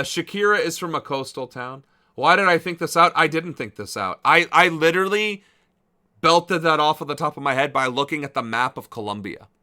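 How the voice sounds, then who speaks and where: Bright-voiced, sarcastic male streamer. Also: mid-range voice. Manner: sarcastic, incredulous, swears freely. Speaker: political livestream host. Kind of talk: casual livestream commentary.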